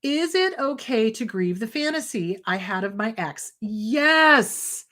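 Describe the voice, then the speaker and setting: A middle-aged woman therapist hosting a live advice show, answering viewer questions in an emphatic, warm and reassuring way. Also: a little high, big pitch swings, slow. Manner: emphatic, warm and reassuring, calls listeners sweetheart.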